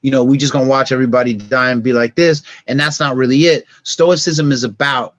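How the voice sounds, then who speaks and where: A middle-aged man, a podcast guest, telling stories in casual conversation, acting scenes out with sound effects and turning soft and reflective on emotional points. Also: medium pitch, steady tone, brisk, dry recording.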